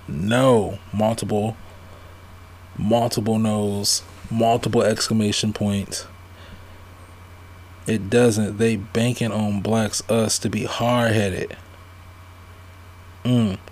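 A man's voice: fairly low pitch, level tone, takes it slowly, long pauses, darkish tone. A man giving a ranting commentary, emphatic and repetitive, firing off rhetorical questions. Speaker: vlogger.

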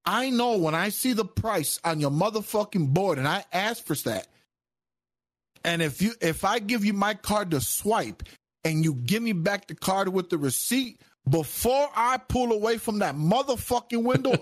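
A man's voice: high-pitched, lively intonation, normal speed, no room sound. A man co-hosting a stream, telling stories with emphatic repetition and heavy swearing. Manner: emphatic, repeats himself, swears heavily. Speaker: stream co-host. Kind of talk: animated profane storytelling.

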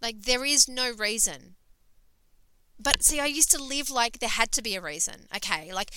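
Bright-voiced woman, emphatic and sweary. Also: a little high, lively intonation, normal speed, smooth, poor audio. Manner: emphatic, sweary, fillers and self-interruptions. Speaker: podcast host and coach. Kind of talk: casual motivational monologue.

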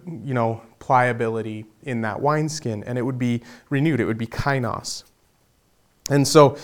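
Guy preaching a sermon, earnest, mid pitch, keeps repeating words as he builds up. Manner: earnest, repeats words, rises to emphatic points. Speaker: pastor.

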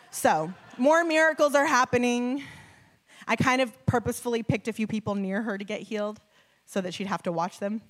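A woman preacher giving a sermon to a live audience, telling a personal story in a conversational, animated way with frequent laughs and fillers. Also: fairly high pitch, moderate pace. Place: before a live audience with slides.

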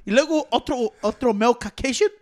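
A young man telling a story in a casual chat, profane and animated, switching between English and Spanish slang. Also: very high-pitched, quick pace.

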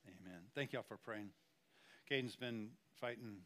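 A man's voice: on the low side, unhurried, fairly bright tone. A man preaching a sermon as pastor, talking conversationally and emphatically, repeating phrases and speaking straight to the congregation.

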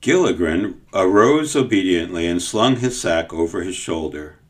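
Low-voiced man reading a storybook. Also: lively intonation, moderate pace. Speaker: narrator. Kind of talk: audiobook storytelling.

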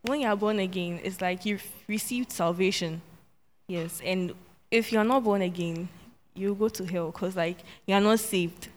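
Girl answering in a reverberant hall. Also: mid-range voice. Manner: halting, then listing steadily. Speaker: student. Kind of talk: answering a teacher.

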